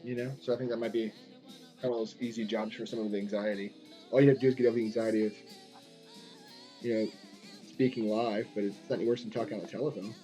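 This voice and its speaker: A man with a soft, mellow tone talks casually as he works on a drawing. He rambles, circling back with fillers and restarts. Faint guitar music plays quietly behind him. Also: on the low side, fairly even intonation, fast talker, pauses often. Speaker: artist live-streaming a drawing session. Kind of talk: casual chat while drawing.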